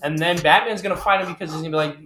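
A man's voice: on the high side, very fast, over music. A man hosting a podcast, telling a rambling, profane story in casual banter. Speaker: podcast host.

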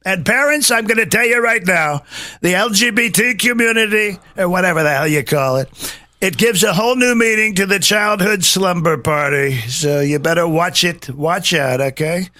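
A man's voice: sits high, normal speed, dry recording, clean studio sound. A man hosting a political talk show, ranting emphatically and mockingly in casual chat. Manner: animated, mocking, emphatic rants. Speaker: host.

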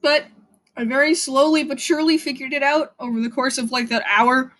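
A young woman hosting her own podcast alone, ranting casually with lots of swearing and self-mockery, now and then breaking into shrill shouts. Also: steady tone, a little fast. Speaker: podcast host. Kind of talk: casual solo podcast rant.

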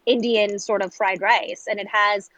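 A woman with a New York accent, a guest chef talking candidly and quickly in a relaxed interview chat. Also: medium pitch, dry recording, poor audio. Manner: candid, chatty, quick asides.

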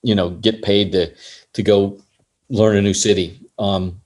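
A man who works as an assistant director, telling a lively story in an interview and acting out other people's lines along the way. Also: fairly low pitch, a little slow. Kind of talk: casual anecdote in an interview.

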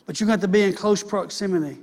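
A man's voice: high voice, fast, darkish tone. A man preaching a sermon as pastor, earnest and repeating phrases for emphasis.

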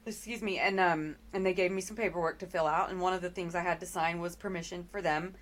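A middle-aged woman with a slightly low voice, speaking as a guest in an interview. She tells her story candidly and earnestly, pausing often on ums and restarting her sentences. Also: steady tone.

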